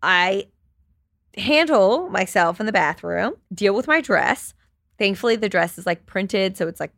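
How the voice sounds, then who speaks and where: A woman's voice: medium pitch, fairly bright tone, dry recording, clean studio sound. A woman in her thirties hosting a solo podcast, telling a story in a candid, chatty way and swearing freely. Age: 30s. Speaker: podcast host.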